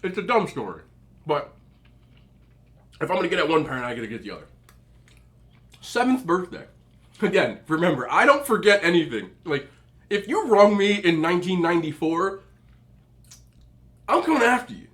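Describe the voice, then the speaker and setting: A man's voice: sits high, sing-song, moderate pace, pauses often, fairly bright tone. A young adult man telling chatty stories as a mukbang vlogger, eating and talking with his mouth full. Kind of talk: casual storytelling while eating.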